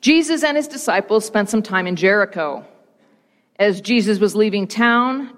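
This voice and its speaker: A woman pastor reading the gospel and preaching, with slow, rhythmic repetition and dramatic pauses. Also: mid-range voice, long reverb tail.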